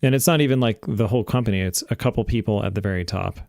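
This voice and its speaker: A man with a fairly low voice gives his take on a chat podcast in a measured, opinionated way. He is recorded dry and close, with no room echo. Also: vocal fry, a little mellow. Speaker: podcast co-host. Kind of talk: casual chat.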